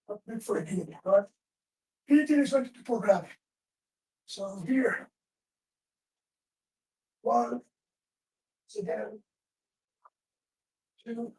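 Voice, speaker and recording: A woman with a high, darkish voice teaches self-defense in a live class, giving short commands as she demonstrates moves. The recording has a roomy echo and sounds far off.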